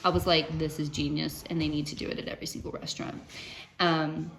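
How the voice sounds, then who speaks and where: A woman's voice: deep voice, fast talker, creaky. A woman from West Virginia chatting to her viewers, telling stories with lots of fillers and restarts. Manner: chatty, animated storytelling with many fillers and restarts. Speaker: vlogger sharing cancer treatment updates. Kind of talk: casual chat to camera.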